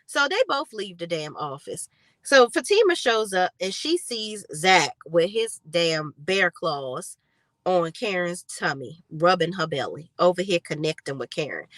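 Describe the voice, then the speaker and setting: A woman's voice: mid-range voice, a bit bright, no echo. A woman giving casual show recap commentary, blunt, sassy and profane. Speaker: TV recap vlogger.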